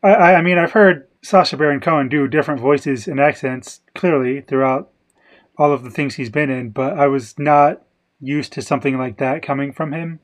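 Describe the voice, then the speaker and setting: A man's voice: fairly high pitch, moderate pace. A man co-hosting a podcast, discussing a film casually and second-guessing himself as he thinks aloud. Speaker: podcast co-host.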